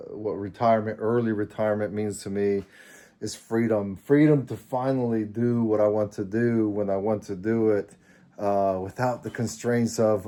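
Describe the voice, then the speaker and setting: A man's voice: lowish voice, dark tone. Chuckling Mexican-born man in his fifties. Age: 50s. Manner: rambling, chuckling, self-deprecating. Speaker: vlogger. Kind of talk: casual personal vlog.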